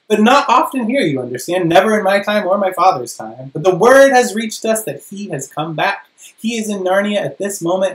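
A preacher voicing a male beaver from a children's storybook, reading his lines loudly and emphatically. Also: medium pitch, roomy sound, far from the mic, voice pushed up, lightly acted, low-quality recording. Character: excited male beaver, gruff and devoted.

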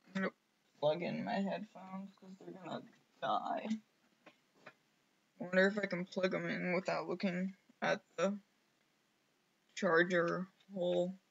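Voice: mid-range voice, level tone, slow pace, creaky, pauses often, breathy edge, dull audio. A streamer rambling casually over gameplay, mumbling to themself and poking fun at themself, on a headset mic. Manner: self-mocking.

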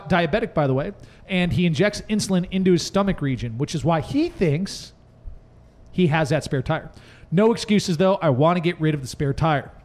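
A man co-hosting a fitness podcast, bantering and reading out a listener's question with joking asides. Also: fairly high pitch. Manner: joking, reads text aloud with asides. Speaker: podcast co-host.

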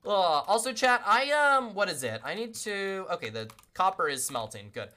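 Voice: mid-range voice, sing-song, moderate pace, bright, forceful tone. A game streamer chatting casually to viewers while playing, self-deprecating and greeting everyone with repeated welcomes. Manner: chatty, self-deprecating, talks to chat constantly.

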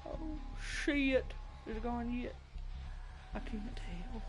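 Male gaming host, very high voice, slow profane nervous commentary. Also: noisy background. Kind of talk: let's play commentary.

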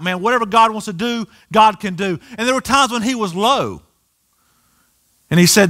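A man preaching a sermon in a church, animated and acting out the voices of people in the story. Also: sits high, normal speed. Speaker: pastor. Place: church sanctuary.

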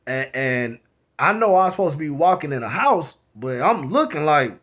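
A man's voice: fairly high pitch, sing-song, moderate pace, fairly bright tone. A man vlogger telling a story in a casual, rambling way, repeating words and starting over.

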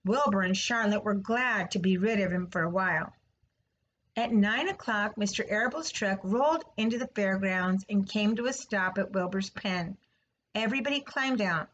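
A woman, a third grade teacher, reading a children's novel aloud slowly, clearly and expressively. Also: mid-range voice, a bit bright, dull audio, slight background noise. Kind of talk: storybook read-aloud.

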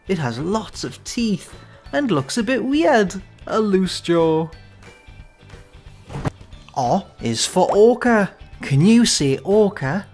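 A woman teaching animal names to young children in a slow, sing-song way, inviting them to repeat each word. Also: medium pitch, very animated, a little mellow, faint music behind. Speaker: children's educational host.

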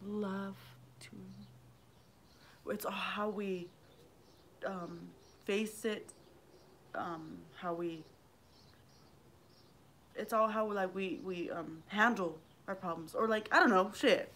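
A woman's voice: mid-range voice, slow pace, long pauses, a bit bright. A middle-aged woman chats loosely on her own livestream, wandering from thought to thought. She swears freely and greets viewers by name as she goes. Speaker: livestream vlogger. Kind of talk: rambling casual livestream chat.

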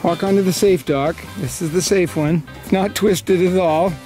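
A dad narrates his family vlog to the camera beside a small lake and marsh, jokey and chatty throughout. He has a high-pitched, mellow voice with fairly even intonation and a moderate pace, with faint music playing behind him.

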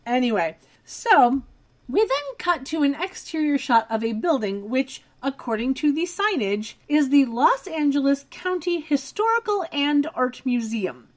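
A woman's voice: high-pitched, big pitch swings, a little slow. A young adult woman co-hosting a podcast, recapping a TV episode in casual chat with detailed, wry asides.

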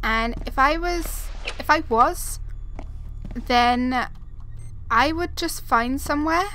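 A young woman who makes gaming videos gives frightened, rambling live commentary on a horror game, often repeating herself and talking to her viewers. Her voice is high, bright and forceful, and she speaks slowly. The background is noisy.

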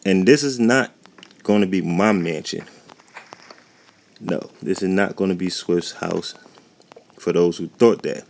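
A man with a low, deep voice talks casually over a game, rambling and often losing his thread. His voice has a gravelly, creaky edge. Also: unhurried, pauses often, darkish tone, a little hiss or hum. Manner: rambling, chatty, loses his train of thought. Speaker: gaming YouTuber. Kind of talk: casual gameplay commentary. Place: warm indoor room at home.

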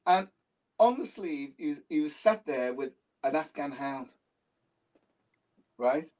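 This man from Liverpool, England, is an interview guest chatting casually, recorded from far off the mic. His voice is a little high, expressive and a touch mellow, and he goes slowly. He relates his stories animatedly, repeating phrases to stress them.

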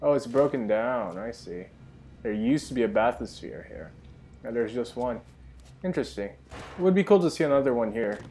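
A man's voice: mid-range voice, animated, moderate pace, dark tone, a little hiss or hum. Young man rambling over gameplay. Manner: enthusiastic, rambling asides. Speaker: gaming channel host. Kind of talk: let's play commentary.

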